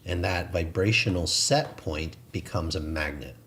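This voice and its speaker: A man's voice: low voice, unhurried, a bit bright, a little hiss or hum. A man co-hosting a spiritual talk show, chatting earnestly and laughing at himself. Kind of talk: casual spiritual chat.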